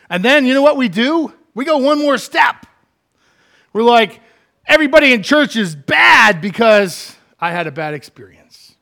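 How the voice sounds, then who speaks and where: A middle-aged man preaching a sermon, animated, acting out quoted complaints with big swings from quiet to loud. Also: fairly high pitch. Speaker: pastor.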